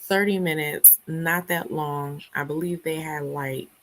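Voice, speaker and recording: Poor audio captures a young woman hosting a book club livestream, where she casually chats and reads comments from viewers while still getting her voice back after laryngitis. Her low-pitched, slightly bright voice stays steady and a little slow, yet she's chatty, laughs frequently, and dramatizes quotes.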